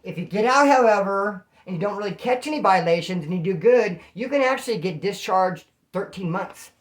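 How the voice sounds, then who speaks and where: A man's voice: high voice, a little fast. A man casually recounting his own story, with lots of slang, acting out other people's voices as he goes. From California. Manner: animated, slangy, acts out quoted voices.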